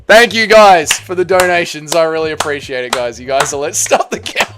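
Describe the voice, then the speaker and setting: Excitable high-voiced man hosting a live stream. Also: a little fast, noisy background. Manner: excitable, calls out vote counts, banters with chat. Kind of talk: casual live stream chat.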